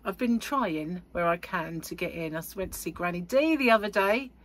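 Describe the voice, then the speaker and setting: Woman, low voice, rambling chatty vlog, laughs a lot. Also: expressive, moderate pace. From United Kingdom. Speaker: crochet vlogger. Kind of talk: casual chat to camera.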